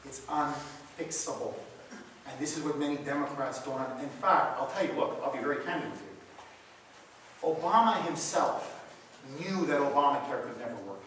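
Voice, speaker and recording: Give me a passionate host preaching in an echoey hall. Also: male voice, medium pitch, normal speed, fairly bright tone, slight background noise. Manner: passionate, preachy storytelling with rising emphasis. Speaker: radio talk show host giving a keynote talk. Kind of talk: answering audience questions at a seminar. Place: large meeting room. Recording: echoey hall, recorded from far off.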